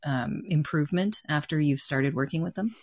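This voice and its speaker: A woman's voice: deep voice, moderate pace, darkish tone, husky. A woman hosting a podcast, moving from a scripted intro to a friendly, curious interview. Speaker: podcast host.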